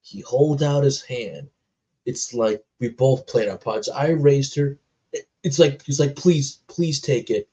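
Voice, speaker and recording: Man, husky voice, earnest, emotional film talk, dull lo-fi recording. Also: medium pitch, mellow. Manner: earnest, emotional, drawn-out phrasing. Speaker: co-host of a movie reaction channel. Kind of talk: casual chat about films.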